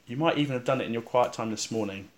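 Calm reflective male preacher. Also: mid-range voice. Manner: calm and reflective, with slow pauses, dropping soft on repeated verses. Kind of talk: sermon leading a guided scripture meditation.

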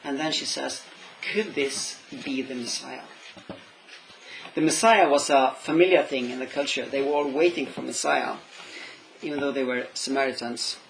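Speaking English as a second language, a man delivers a sermon in a creaky, medium-pitched voice at a fairly quick clip. He is thoughtful, pausing to hunt for words and posing questions aloud. The recording is rough, with slight background noise.

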